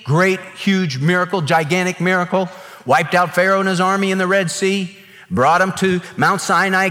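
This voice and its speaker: A man's voice: fairly high pitch, fairly bright tone. A man preaching a sermon as a pastor, earnest and emphatic, acting out quotes in voices. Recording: long reverb of a large hall.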